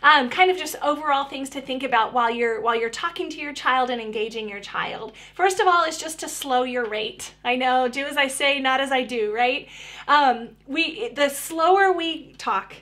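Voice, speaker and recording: A woman with a high-pitched, sharp voice speaks at a moderate pace. She's a speech therapist offering parents practical tips in a friendly, conversational style, frequently restarting her sentences.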